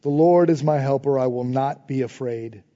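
A man preaching a sermon in informal phrasing, building to emphatic refrains and dropping to soft prayerful tones. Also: medium pitch, normal speed, long reverb tail, muffled recording. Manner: preaching with rising emphasis, repeated refrains and call-and-response. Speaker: pastor.

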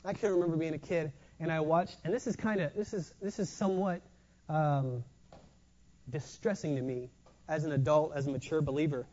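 A preacher giving a sermon in an animated way, often repeating words as they go. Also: medium pitch, a little fast. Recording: dull lo-fi recording.

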